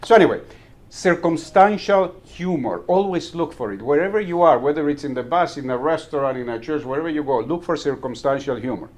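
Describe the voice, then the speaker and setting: A man with a fairly high voice tells funny stories at a club meeting. He acts out the lines of the people in his anecdotes and laughs at his own punchlines. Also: expressive, a little fast, a little mellow. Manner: storyteller acting out dialogue, chuckling at his own jokes. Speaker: club member giving a talk. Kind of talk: humorous club speech telling anecdotes. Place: meeting room.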